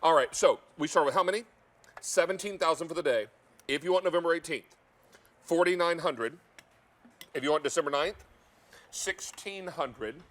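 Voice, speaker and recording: Man, shopping-show host, folksy, food-loving, slightly high voice, studio kitchen. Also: moderate pace, long pauses, fairly bright tone. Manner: folksy, enthusiastic about food. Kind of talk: live shopping show chat. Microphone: earpiece and studio mic.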